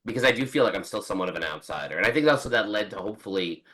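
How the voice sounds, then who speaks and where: A man's voice: on the low side, lively intonation, very fast, bright, forceful tone, low-quality recording. A man in his forties, a book's author, chatting as a guest on a podcast in a rambling way with many restarts and quoted asides. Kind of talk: casual podcast interview.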